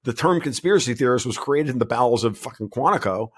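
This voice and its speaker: Casting: male podcast guest, mid-pitched, blunt, rambling, lots of restarts. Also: animated, quick pace, a bit bright, breathy edge. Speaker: guest commentator. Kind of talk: casual podcast interview.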